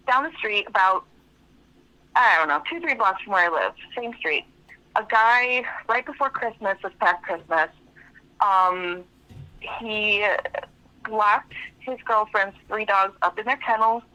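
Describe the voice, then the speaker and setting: Over a tinny phone line, a woman calls in to a radio show and tells a story in a rambling, frank way with lots of fillers. Her mid-range voice sounds pushed and bright.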